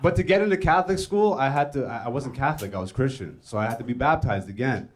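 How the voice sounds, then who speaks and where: A man's voice: medium pitch, lively intonation, fast. A young man doing a profane, conversational stand-up set on a comedy club stage, telling stories and acting out other people's lines. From Ethiopian, born in Greece, raised in Canada. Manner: profane, conversational storytelling with act-outs. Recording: live club set with crowd laughter. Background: audience laughing.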